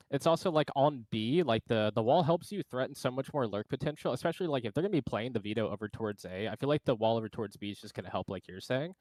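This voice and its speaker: Relaxed male co-streamer, dry mic. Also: mid-range voice, fast talker, dry recording. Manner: relaxed, lots of "like" fillers. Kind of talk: casual analysis.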